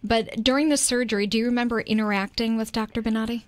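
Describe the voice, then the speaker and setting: A woman's voice: a little high, steady tone, quick pace. A woman co-hosting a talk radio show, encouraging a caller and speaking with feeling.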